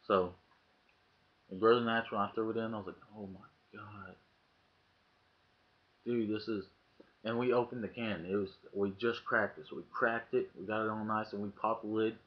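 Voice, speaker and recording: A man's voice: fairly low pitch, steady tone, fairly quick. A man telling a story casually to his webcam, swearing freely and acting out the lines of people in it. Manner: profane, acts out quoted lines in the story. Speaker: vlogger. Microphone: webcam mic. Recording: dull lo-fi webcam audio.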